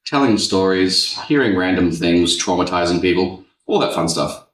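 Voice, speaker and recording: A man's voice: low voice, moderate pace, distant mic. A man, chatting casually and rambling a little as a podcast host. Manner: relaxed, rambling storyteller. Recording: echoey room, a bit off-mic.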